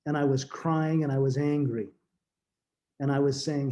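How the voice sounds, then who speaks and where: A middle-aged man telling a deeply personal story as a podcast guest, earnest and halting, often restarting his words. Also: fairly even intonation, warm tone, dull audio.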